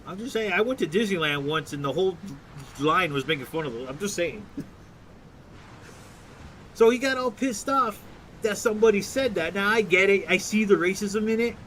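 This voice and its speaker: Young male streamer, high voice, profane rambling rant, faint rumble behind. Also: animated, normal speed, long pauses, a bit bright. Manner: profane, rambling, restarts and mocking quotes. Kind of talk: casual ranting commentary.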